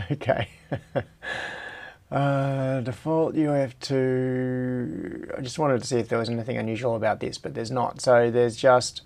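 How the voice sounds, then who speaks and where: His voice is medium-pitched, gravelly and a little mellow: a middle-aged Australian host, slightly Americanized, livestreaming casually while he tinkers in his home workshop. He thinks out loud, rambles and pokes fun at himself.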